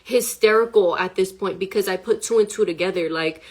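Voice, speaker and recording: A young woman telling her own story to the camera, rushed and emotional, swearing and filling with "like". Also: medium pitch. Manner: rushed, profane, full of "like". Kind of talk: emotional personal account to camera.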